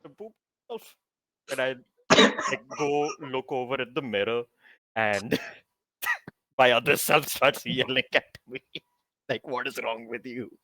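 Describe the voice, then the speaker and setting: A man's voice: mid-range voice, slow pace, pauses often, bright, forceful tone, no echo, poor audio. A man playing a tabletop game, slipping into grandiose, boastful in-character bluster. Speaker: player.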